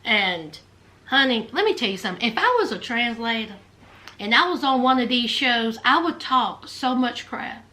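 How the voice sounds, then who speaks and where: A woman's voice: fairly high pitch, big pitch swings, moderate pace, pushed and bright. A woman with a Southern US accent, recapping a reality TV show in casual, sassy storytelling with playful trash talk.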